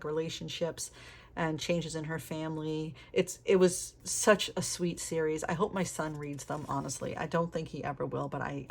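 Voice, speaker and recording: A middle-aged woman chatting candidly while flipping through her planner, laughing often and swearing casually. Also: deep voice. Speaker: planner vlogger. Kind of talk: casual flip-through chat.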